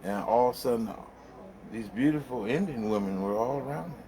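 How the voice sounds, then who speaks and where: A man's voice: mid-range voice, brisk, warm tone, slight background noise. A middle-aged man spinning a loose personal story straight to his viewers. His talk is colloquial and rambling, with many fillers, and he often breaks into laughter as he goes. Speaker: vlogger. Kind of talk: casual storytelling.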